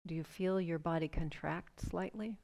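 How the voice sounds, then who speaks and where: A woman with a slightly low voice guides a seated yoga breathing practice. She talks calmly and gently, inviting the listener to notice each breath. Her instructions come as soft, patient questions. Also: normal speed, creaky.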